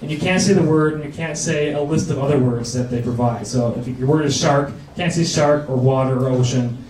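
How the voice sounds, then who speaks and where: A man performing a stand-up comedy set on a club stage, telling stories with animated acted-out voices over audience laughter. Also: mid-range voice, fairly quick, a little hiss or hum. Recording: roomy live club sound from a distance.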